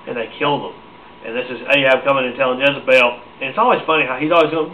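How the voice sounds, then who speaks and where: A man's voice: mid-range voice, quick pace, sharp tone. A man preaching an informal sermon in a blunt, mocking, rambling way, in a dull lo-fi recording. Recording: dull lo-fi recording, faint noise.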